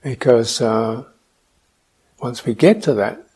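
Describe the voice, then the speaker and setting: Husky man giving a slow dharma talk. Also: mid-range voice. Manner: slow, reflective, questioning, with soft hums. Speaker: meditation teacher.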